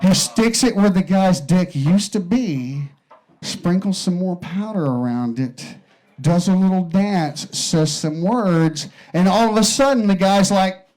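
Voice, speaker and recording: High-voiced man telling a profane stand-up joke. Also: lively intonation, darkish tone, rough recording. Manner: profane, storytelling with deliberate pauses. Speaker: stand-up comedian.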